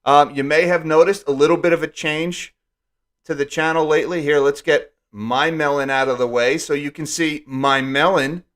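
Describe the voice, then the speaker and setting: A man's voice: on the high side, steady tone, normal speed, fairly bright tone. A man hosting a live stream, talking casually with wry jokes and asides. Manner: wry and joking, lots of asides.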